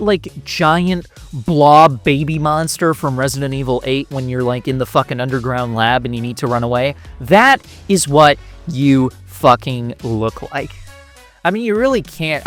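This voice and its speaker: A man's voice: on the high side, a bit bright. A man giving a profane, mocking reaction commentary, laughing between insults. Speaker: commentary youtuber.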